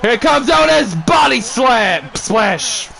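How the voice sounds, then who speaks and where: A man casually giving play-by-play commentary on a wrestling video game, excitable, swearing and cheering on the wrestlers, while fighting off the hiccups. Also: very high-pitched, slow pace, creaky, raised voice. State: has the hiccups. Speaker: gameplay commentator.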